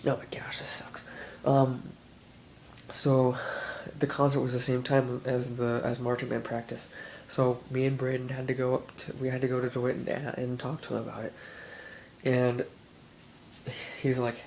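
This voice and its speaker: A man's voice: medium pitch, monotone, normal speed, pauses often, darkish tone, slight background noise. An 18-year-old man with a stuffy nose, rambling casually in a video diary with lots of restarts. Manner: rambling, full of "dude" and "like", many restarts. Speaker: vlogger. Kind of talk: casual chat.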